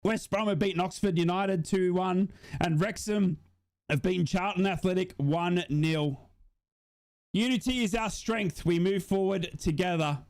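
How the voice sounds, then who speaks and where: A man's voice: sits high, steady tone, moderate pace, darkish tone. A young man doing live fan commentary on a football match as a watch-along streamer, passionate, swearing and emotional.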